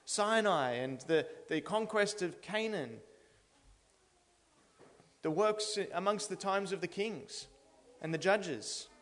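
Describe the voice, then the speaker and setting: A man's voice: high voice, expressive, slow pace, long pauses, a bit bright. A man preaching an expository sermon in a church, speaking earnestly and building to emphatic declarations. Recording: long reverb of a large hall.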